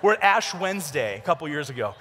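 A man giving a humorous youth conference talk, telling stories and acting out voices with sudden shouts and whispers. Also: a little high, quick pace. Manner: animated storytelling, acts out voices with shouts and whispers. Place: large conference arena. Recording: large hall with long reverb.

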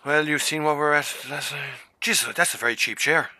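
Bright-voiced man swearing through stories. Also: a little high, brisk. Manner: swearing, storytelling, excitable. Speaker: streamer hosting a group gaming stream. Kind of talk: casual chat among friends.

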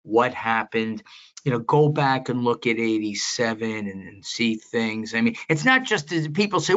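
A man's voice: medium pitch, moderate pace. Older guy telling old trading floor stories, rambles and restarts a lot, bit muffled lo-fi sound. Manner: rambling, animated anecdotes with many restarts. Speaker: guest, veteran market analyst. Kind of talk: storytelling interview.

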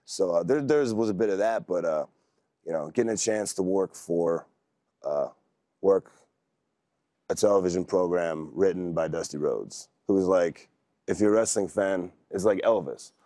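Low-voiced laid-back man. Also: normal speed, dark tone, no echo. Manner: laid-back, rambling storytelling. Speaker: wrestler guest. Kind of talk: casual interview talk.

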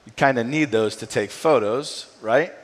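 Conversational pastor with hall reverb. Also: male voice, mid-range voice, moderate pace. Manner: conversational, frequent tag "right?". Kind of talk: sermon. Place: church sanctuary.

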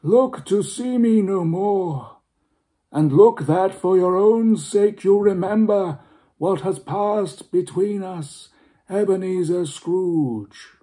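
A man reading a story aloud, voicing a dead man's ghost who gives solemn, drawn-out warnings. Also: sits high, warm tone, pitched above the performer's own voice.

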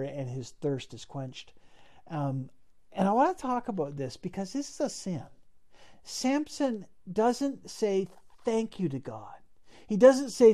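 A man's voice: a little high, dark tone. A man preaching a sermon in an earnest, emphatic way, repeating phrases for weight.

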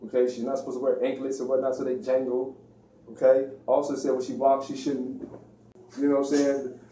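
A man's voice: medium pitch, level tone, brisk, warm tone, a little hiss or hum. A man giving an informal religious lecture in a preachy, slangy way, acting out the voices he quotes. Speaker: religious speaker. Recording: echoey room, distant mic.

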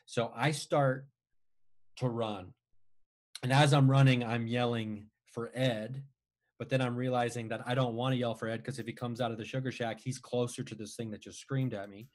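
A man casually telling a long personal story, rambling with frequent restarts and animated retellings. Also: medium pitch, normal speed. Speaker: guest storyteller.

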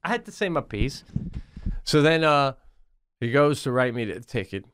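A man co-hosting a podcast, telling a comic anecdote in an animated way and stumbling over his words as he goes. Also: mid-range voice, normal speed, slight background noise. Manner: animated storyteller who stammers and restarts. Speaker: podcast co-host. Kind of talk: comedic anecdote.

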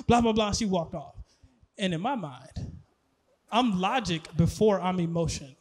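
Man, very high voice, stand-up comic, animated, laughs and shouts punchlines. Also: normal speed. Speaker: stand-up comedian. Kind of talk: stand-up comedy set. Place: comedy stage before a live audience.

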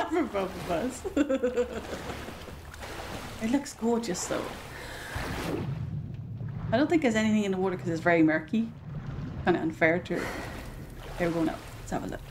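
Excitable British woman streaming a game. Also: medium pitch, a little slow, pauses often, noisy background. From Britain. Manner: excitable, gushing, chatty. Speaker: gaming streamer. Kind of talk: casual gameplay commentary.

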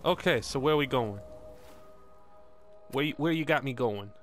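A man's voice: mid-range voice, a little slow, a bit bright, soft background music. A man casually commenting while playing a video game, rambling and joking and swearing now and then. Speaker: gaming video host. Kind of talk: casual let's-play commentary.

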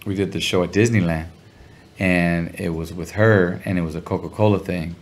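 A middle-aged man telling a story as an interview guest, relaxed and full of slang. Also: low-pitched, moderate pace, a little hiss or hum. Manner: laid-back, chuckling, heavy slang. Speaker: guest musician.

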